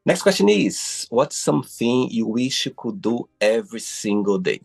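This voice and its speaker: A man from Brazil hosting a casual interview over a video call, effusive and quick to exclaim. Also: mid-range voice, big pitch swings, creaky, breathy edge, faint music behind. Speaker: host.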